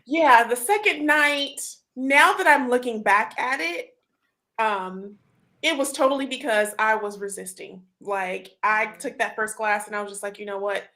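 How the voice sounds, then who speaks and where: A woman hosting a casual group chat, telling a story in an animated way, full of fillers and laughter. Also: fairly high pitch, measured pace. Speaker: host.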